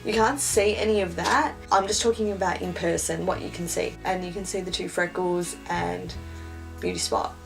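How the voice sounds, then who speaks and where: A woman's voice: lowish voice, fairly even intonation, moderate pace, vocal fry, soft background music. Chatty young woman vlogger. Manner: chatty, self-mocking, slangy. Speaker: beauty vlogger. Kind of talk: casual makeup tutorial chat.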